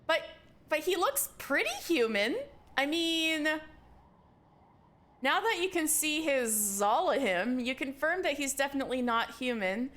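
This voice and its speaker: High-voiced giggly woman streamer. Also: measured pace. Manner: giggly, excitable. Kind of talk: live game playthrough, reading text aloud.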